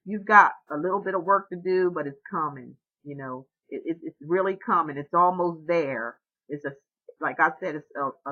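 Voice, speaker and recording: Excited woman giving a tarot reading. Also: sits low, phone-quality sound. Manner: excited, repetitive and encouraging. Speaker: tarot reader.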